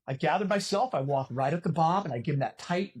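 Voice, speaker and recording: A middle-aged man telling a story as a podcast guest in a casual, animated way, cursing and poking fun at himself. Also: fairly high pitch, fast talker, husky. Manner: animated, profane, self-mocking. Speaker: podcast guest, former volleyball player and announcer.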